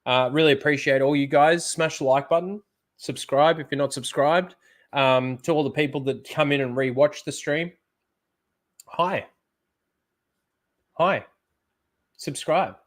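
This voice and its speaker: A man's voice: a little high, measured pace, long pauses. Blunt, swearing livestream host man. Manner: blunt, rambling, swears casually. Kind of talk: casual livestream commentary.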